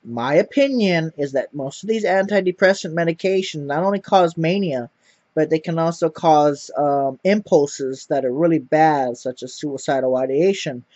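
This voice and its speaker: A man's voice: fairly high pitch, normal speed, darkish tone, dry recording. A man telling a rambling personal story to camera, repeating words and swearing often. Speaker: vlogger. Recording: dull lo-fi dry sound.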